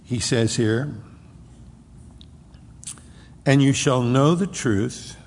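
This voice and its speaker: Gravelly-voiced male pastor teaching. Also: mid-range voice. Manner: teaching verse by verse, explanatory. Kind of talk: expository sermon. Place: church sanctuary. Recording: reverberant hall with faint noise.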